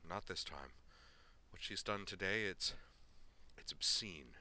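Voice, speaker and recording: A man's voice: low-pitched, moderate pace, pushed and bright. A man voicing a proud young male god who speaks formally and earnestly. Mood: earnest shame.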